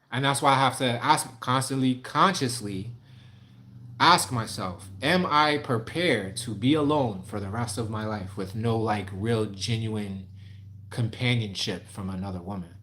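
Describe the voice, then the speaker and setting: A man's voice: medium pitch, fairly bright tone, slight background noise. Casting: man streamer, casual and candid, rambling answers to viewers. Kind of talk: casual livestream chat.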